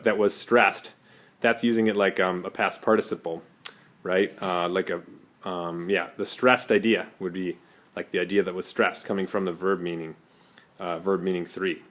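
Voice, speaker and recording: Teacher, male, somewhat low pitch, patient and halting, explains words step by step for language learners. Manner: explains slowly with many ums and Spanish glosses. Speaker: English teacher. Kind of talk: vocabulary lesson video.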